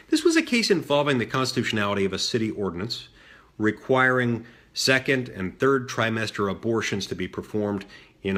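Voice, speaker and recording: A middle-aged man telling a personal story in a measured way, with frequent fillers and restarts. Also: lowish voice, bright, forceful tone. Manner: measured, many fillers and restarts, mimics voices in quotes. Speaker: senator recounting a childhood story. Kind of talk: storytelling monologue.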